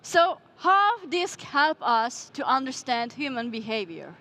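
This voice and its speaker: A woman with a high voice presents at a conference, walking her audience through ideas point by point. She tosses out rhetorical questions and speaks in slightly non-native English. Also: big pitch swings, unhurried, bright, forceful tone. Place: conference stage before an audience.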